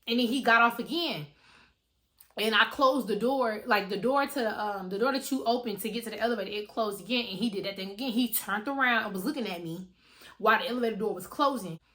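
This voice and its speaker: A young woman vlogger telling a story in a casual, animated and profane way, talking straight to her viewers. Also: fairly high pitch, quick pace.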